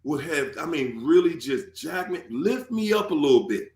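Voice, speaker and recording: High-voiced guy venting on his channel, swings all over, swears a lot, roomy echo. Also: normal speed. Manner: animated, swears, acts out quoted rants loudly. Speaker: channel host. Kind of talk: casual chat.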